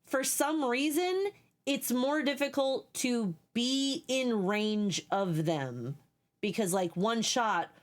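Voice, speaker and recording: A woman streaming a video game with a high voice that leaps up and down. She chats casually, swears at enemies and thanks her viewers warmly. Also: expressive, slow pace. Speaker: live streamer. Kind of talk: casual gaming live stream chat.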